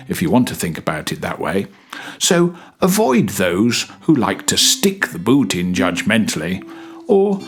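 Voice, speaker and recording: A man hosting a casual self-help chat, talking gently with rambling pauses and restarts. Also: medium pitch, husky. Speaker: podcast host.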